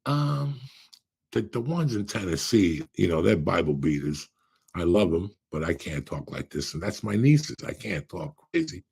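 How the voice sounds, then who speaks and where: A man's voice: sits low, very animated, moderate pace, vocal fry, a little mellow, breathy edge. A man in his sixties, a podcast co-host, telling rambling, profane stories in casual chat. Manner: profane, rambling storyteller with bursts of laughter.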